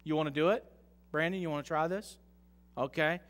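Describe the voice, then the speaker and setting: A man preaching an interactive sermon in a church, joking with the congregation and rising to slow, loud emphasis. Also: fairly high pitch. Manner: jokes with the congregation, leads call-and-response reading. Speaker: pastor. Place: church sanctuary. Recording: long hall reverb.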